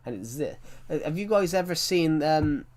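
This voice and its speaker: His voice is on the high side with lively intonation and a normal pace. A man livestreaming a game rambles through stories in casual chat, often correcting himself mid-sentence.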